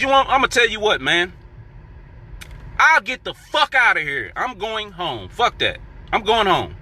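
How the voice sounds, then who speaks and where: A man's voice: sits high, very animated, measured pace, sharp tone, breathy edge. A man telling a heated workplace story in casual, profane monologue, acting out what he and others said. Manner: profane, heated, acts out quoted coworkers.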